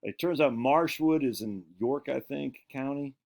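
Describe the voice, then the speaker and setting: A man's voice: medium pitch, measured pace, creaky, darkish tone. A man who grew up on an island in Maine, hosting his own show and telling rambling stories in a chatty way, correcting himself as he goes. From Peaks Island, Maine. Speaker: show host. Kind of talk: casual rambling storytelling.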